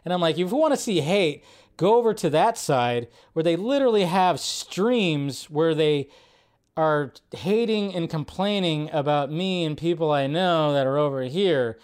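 A man hosting a live film commentary stream, talking in a rambling, animated way and jumping up in pitch to stress points. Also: unhurried, clear, resonant tone.

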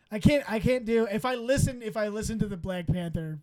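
A man's voice: high-pitched, normal speed, a little mellow. A man co-hosting a podcast, bantering casually and joking with restarts and laughs. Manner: jokey, laughing, restarts a lot. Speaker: podcast co-host.

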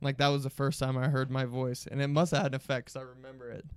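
A man's voice: mid-range voice, completely flat delivery, quick pace, smooth, no room sound. A man who does stand-up, chatting casually on a podcast and telling loose stories full of swearing and laughter. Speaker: stand-up comedian, podcast co-host. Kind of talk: casual chat.

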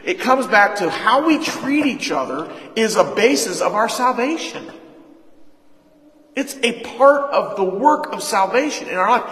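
High, bright-voiced preaching man in a hall. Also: expressive, a little slow. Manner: preaching with call-and-response questions to the congregation. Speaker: pastor. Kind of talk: sermon. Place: church hall. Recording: echoey hall.

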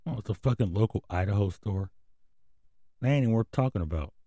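A man's voice: on the low side, brisk, warm tone, no echo, studio quality. A man hosting his own radio show, riffing on news items in blunt, profane, rambling rants. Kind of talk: casual commentary and news reading.

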